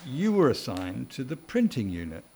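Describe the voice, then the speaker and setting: A man's voice: medium pitch, huge pitch swings, normal speed, a little mellow, a little hiss or hum. A man interviewing a designer, prompting him through his life story and summarizing as he goes. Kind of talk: interview questions.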